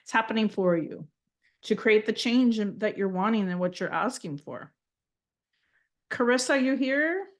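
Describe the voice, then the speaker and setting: A woman channeling messages for people in a live intuitive reading, speaking gently and heartfelt, often moved to emotion. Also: expressive, normal speed, long pauses. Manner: speaks in flowing, high, invented-sounding syllables at times. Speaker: spiritual channeler giving readings.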